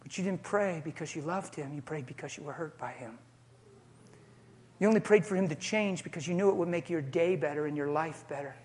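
Man voicing God, soft and patient. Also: fairly high pitch, a little fast, close to an everyday voice. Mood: tender. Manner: soft, calm, tender. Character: God, gentle and patient speaking to a woman.

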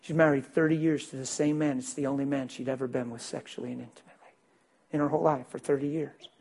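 Husky-voiced preacher telling a story. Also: male voice, mid-range voice, fast. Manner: animated, swings between loud and hushed. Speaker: pastor. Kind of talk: sermon storytelling.

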